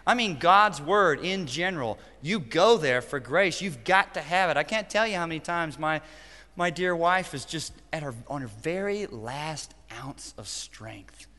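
A man in his forties preaching a passionate sermon as pastor, swinging from loud, urgent lines to quiet, hushed ones. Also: a little high, expressive, unhurried. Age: 40s. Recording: church hall reverb.

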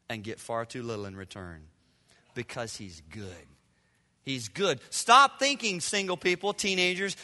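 A middle-aged man preaching to a congregation, his voice high and bright. He hammers words through repetition and swings from hushed asides to loud outbursts. The sound carries a long reverb from the large hall. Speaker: pastor. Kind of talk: sermon.

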